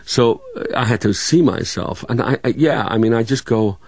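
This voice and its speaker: A man's voice: medium pitch, darkish tone, no room sound. A man from Scotland, an actor, with a hybrid Scottish, English and American accent, chatting in an interview and restarting his sentences often. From Scotland, Dundee. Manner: halting, many restarts and fillers. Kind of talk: casual interview chat.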